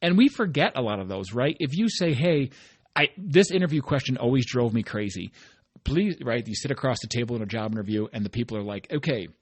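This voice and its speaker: A man's voice: medium pitch, lively intonation, a little fast, breathy edge, dry recording. A man hosting a motivational solo podcast, talking conversationally and often checking in with "right?". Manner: conversational, often adds "right?" tag questions; earnest and encouraging. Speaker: podcast host.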